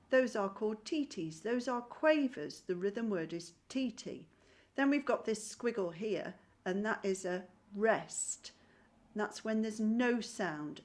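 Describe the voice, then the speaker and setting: A woman teaching a primary school music lesson online, patient and encouraging, clapping and chanting rhythm syllables. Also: fairly high pitch. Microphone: screen-shared video call.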